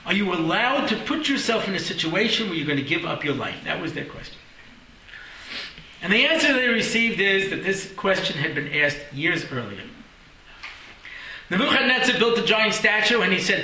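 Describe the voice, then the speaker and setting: A man's voice: high voice, very animated, moderate pace, pushed and bright, roomy sound, slight background noise, low-quality recording. A man teaching a Torah class, telling stories with jokes and acted-out voices and often checking in with "yeah?".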